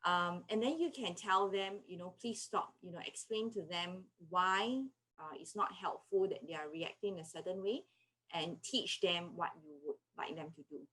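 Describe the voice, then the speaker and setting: A woman, a clinical psychologist explaining parenting tips in a gentle, patient way and acting out what she says to children. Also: lowish voice, expressive, moderate pace, poor audio. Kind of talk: parenting advice talk.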